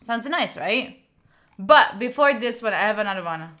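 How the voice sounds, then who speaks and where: A woman's voice: medium pitch, animated, moderate pace, bright, forceful tone. A woman from Italy hosting a study live stream, chatting playfully with her viewers, laughing and swearing often. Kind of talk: casual live-stream chat.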